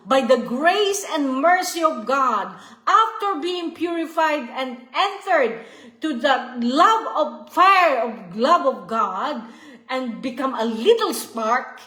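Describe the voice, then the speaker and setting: A woman's voice: high voice, a bit bright, echoey room. A woman giving an earnest devotional teaching, often repeating herself and checking in with "okay?" and "you see". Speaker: Bible study teacher.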